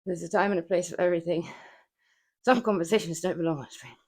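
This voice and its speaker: A woman with a slightly low voice chats casually to her viewers during a workout, breathing hard between sentences. Her talk is playful and chatty, and she laughs easily. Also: fast, a little mellow. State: out of breath from exercise. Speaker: livestreamer. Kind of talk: casual livestream chat while working out. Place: home flat.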